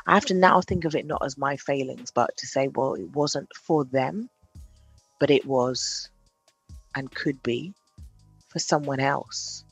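Gravelly, husky woman podcasting. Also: very deep voice, unhurried, soft background music. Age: 30s. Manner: animated, swings from brash self-hype to quiet confession. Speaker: podcast host. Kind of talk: candid solo podcast monologue.

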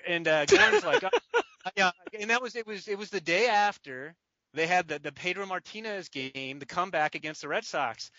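A man casually telling a lively baseball story on a podcast, laughing often and playing out the phone calls. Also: high-pitched, fairly quick, no echo, muffled recording. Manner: animated storyteller, laughs often, does croaky voices. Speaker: baseball draft writer.

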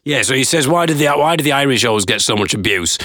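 A man, a stand-up comedian, retelling a gig in a casual, animated, laughing way. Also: medium pitch, fast talker, no echo. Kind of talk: casual vlog storytelling.

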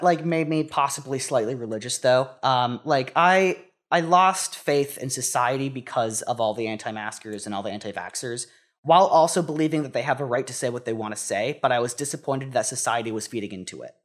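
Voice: medium pitch, animated, brisk. A young adult talking in a casual conversation, hesitant and full of restarts. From United States. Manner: hesitant, many restarts and fillers.

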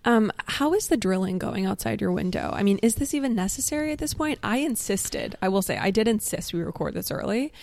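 A woman's voice: medium pitch, animated, a little fast, creaky, few pauses, darkish tone. A woman co-hosting a casual chat podcast, teasing and playful. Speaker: podcast co-host.

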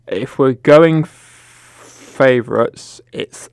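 Easygoing guy co-hosting a film chat, mid-pitched, lots of "like," dry close mic. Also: extremely slow, vocal fry, darkish tone, smooth, no echo. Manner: easygoing, fillers like "like". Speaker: podcast co-host. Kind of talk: casual chat.

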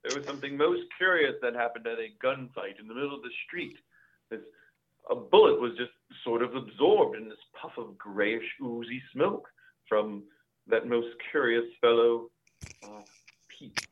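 A man playing a tabletop game in character, with measured, formal wording. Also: mid-range voice, lively intonation. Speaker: player. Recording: phone-like line.

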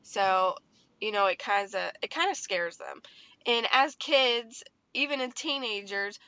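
With a sharp tone, medium pitch, and measured pace, this woman in her thirties hosts a chatty, rambling podcast on parenting full of fillers. There's no echo, though the lo-fi recording is slightly dull and carries faint background noise.

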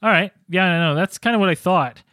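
A man's voice: high voice, brisk, sharp tone, no room sound, clean studio sound. A man co-hosting a podcast, asking rambling, jokey questions in casual chat. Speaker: podcast co-host.

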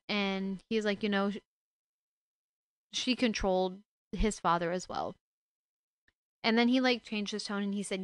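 Woman host retelling a book casually, worked-up asides, smooth voice, dry close sound. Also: mid-range voice, fairly even intonation, moderate pace, no room sound. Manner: indignant, emotional asides.

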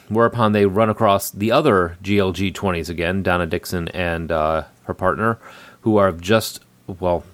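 A man with a slightly low voice retells a film plot in loose, rambling chat. He drifts between ums and small laughs while keeping the story moving. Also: fairly bright tone, no echo. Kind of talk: casual movie recap chat.

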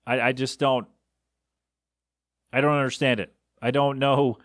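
A man's voice: medium pitch, little pitch movement, unhurried, no echo, studio quality. A man hosting a solo podcast, ranting in disbelief with rhetorical questions and coughing a bit. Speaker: podcast host.

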